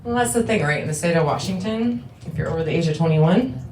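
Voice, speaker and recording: A woman presenting at a conference, joking and quick to laugh during the Q&A. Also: fairly low pitch, expressive, a little mellow. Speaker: breakout session presenter. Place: conference room. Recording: echoey room with background noise.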